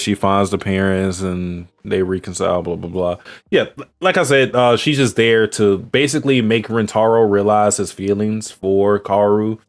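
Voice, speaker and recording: A male podcast host recaps episodes in a loose, rambling chat, his voice sitting a little low. Faint music runs underneath him. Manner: rambling, with many fillers, and laughs at his own jokes. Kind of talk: casual chat reviewing anime.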